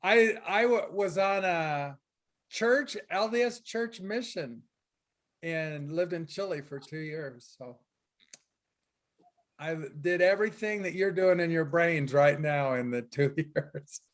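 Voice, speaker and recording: Brief: upbeat Spanish teacher, man, higher voice, encouraging, chatty anecdotes over a video call. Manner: encouraging, storytelling with quick asides. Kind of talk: online class teaching.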